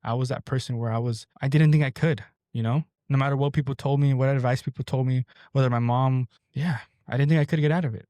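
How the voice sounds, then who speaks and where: Podcast host, man in his 20s: blunt motivational talker, medium pitch, dry close sound. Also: steady tone, quick pace, few pauses, warm tone, no room sound. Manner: blunt, straightforward, pep-talking. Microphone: camera with a mic.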